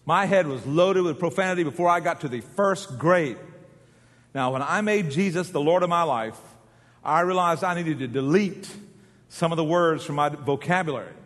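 A man's voice: on the high side, moderate pace, fairly bright tone. A man preaching a sermon in a folksy, joking way, getting the congregation to repeat lines. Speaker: pastor. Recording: long hall reverb.

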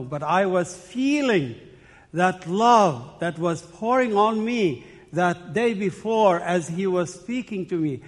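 A middle-aged man giving an earnest, emotional church testimony, often repeating himself and restarting phrases. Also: on the high side. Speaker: speaker giving his faith testimony. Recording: long hall reverb.

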